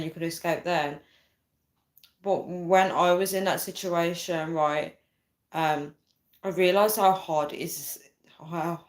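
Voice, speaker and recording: A young woman talks casually to her viewers in a slightly low voice. She tells a personal story and reads out live comments, keeps checking in with "right?" and "guys", and breaks into laughs now and then. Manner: chatty, frequent "right?" and "guys", laughs often. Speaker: vlogger reading live chat.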